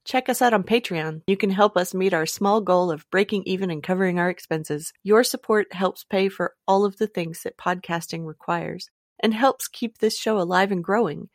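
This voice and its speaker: A woman's voice: fairly low pitch, moderate pace, dry recording, studio quality. A woman podcast host reading a friendly, matter-of-fact closing appeal to listeners. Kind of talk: scripted outro.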